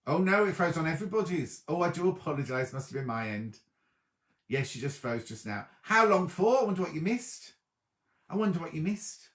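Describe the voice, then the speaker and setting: A man runs a sewing livestream at home, chatty and lively as he reads and reacts to live comments from viewers. His voice is on the high side and a little fast, with a roomy sound picked up by a laptop or tablet on the video stream.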